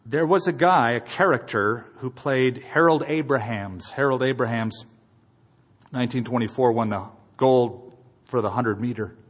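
A man preaching a sermon as pastor and leading a closing prayer, emphatic, moving between quiet and loud passages. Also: medium pitch, moderate pace. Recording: long hall reverb.

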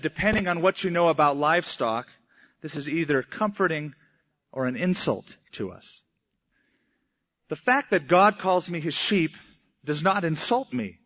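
A male pastor giving a conversational sermon, with slow, emphatic phrasing. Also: fairly high pitch, a bit bright. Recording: echoey hall, dull lo-fi sound.

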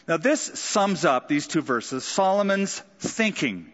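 A man preaching a sermon, talking to his congregation conversationally and slipping into dramatic voices for quotations. His voice sits a little higher than most men's. It is recorded with a long reverb tail and a dull, lo-fi tone. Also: sing-song, slow, hardly any pauses, a bit bright. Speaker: pastor.

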